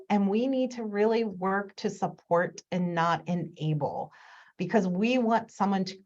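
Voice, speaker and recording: A woman giving a conference presentation as a speech therapist, acting out sample prompts to a client as she explains. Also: mid-range voice. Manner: demonstrating with acted-out prompts to a client. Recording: dull lo-fi recording.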